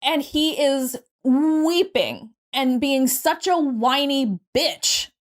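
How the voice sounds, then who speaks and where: A young adult woman co-hosting a podcast, casually recapping a movie with lively quoted voices and the odd swear word. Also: high-pitched, extremely slow. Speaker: podcast co-host.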